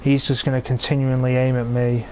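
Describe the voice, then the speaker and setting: A mid-pitched, monotone male voice talks briskly with a slightly mellow quality over faint background noise. He's an Englishman in his twenties streaming a tank game and commentating live, grumbling sarcastically about his teammates into a cheap gaming mic.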